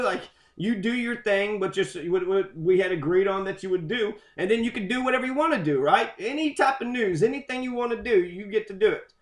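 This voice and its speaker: High-voiced man ranting with heavy swearing. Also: fairly quick, hardly any pauses, echoey room. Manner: heavy swearing, loose and excitable. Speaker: commentator on quotes. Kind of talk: profane rambling rant.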